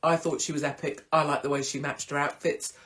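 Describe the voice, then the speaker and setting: A woman's voice: level tone, brisk, a bit bright. Irreverent chatty woman host. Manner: swings into big high exclamations. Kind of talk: casual live-stream chat.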